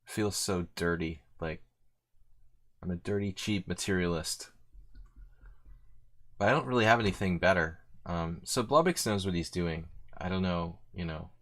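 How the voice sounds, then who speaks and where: A man's voice: sits low, measured pace, pauses often, fairly bright tone. A man streaming blitz chess, talking casually and thinking aloud, unsure of himself and self-mocking, with many fillers. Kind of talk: casual live commentary while playing.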